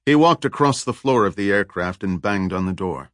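A man narrating a thriller audiobook in a steady, even reading. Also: fairly low pitch, moderate pace, dry recording, studio quality.

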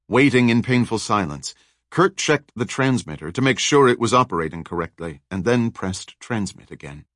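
A man narrating a thriller audiobook in a measured, dramatic storytelling manner. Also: low-pitched, expressive, fairly bright tone, dry recording, studio quality.

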